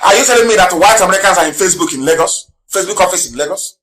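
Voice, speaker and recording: A man hosting a live radio broadcast, firing rhetorical questions, mocking his critics and breaking into shouts. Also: high-pitched, rapid-fire, background noise. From Nigeria. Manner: scornful, mocking. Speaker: broadcast host.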